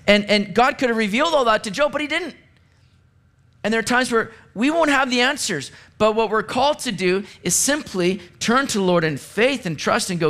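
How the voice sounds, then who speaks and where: Man, pastor, sermon, high-pitched, animated, acts out quotes. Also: normal speed. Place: church sanctuary.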